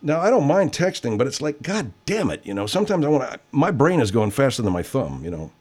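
A man in his sixties hosting a live stream, rambling in profane, animated casual chat. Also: medium pitch, a little fast, husky.

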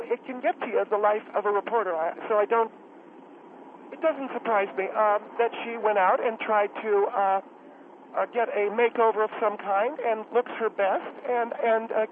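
A man's voice: high-pitched, slight background noise, natural voice. A man voicing a polite, formal middle-aged woman reporter who speaks with careful hesitations over a phone line. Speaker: caller.

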